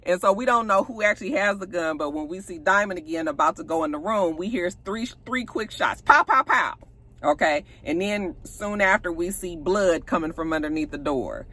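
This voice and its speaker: A woman's voice: fairly low pitch, normal speed, few pauses, fairly bright tone. A woman, casually retelling a TV episode and acting out the characters' lines. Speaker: TV show recapper.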